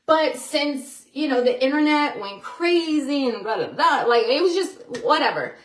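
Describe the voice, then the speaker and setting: A woman talking casually to her viewers in a vlog, chatty and excitable, full of "you know" and "like". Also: high voice, unhurried, echoey room, poor audio. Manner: excitable storyteller who acts out quotes. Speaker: vlogger.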